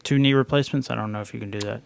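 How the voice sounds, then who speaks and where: A man's voice: mid-range voice, racing, vocal fry, clean tone, dry recording. A man co-hosting a sports podcast, rambling and joking with many fillers. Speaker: podcast co-host. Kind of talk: casual chat.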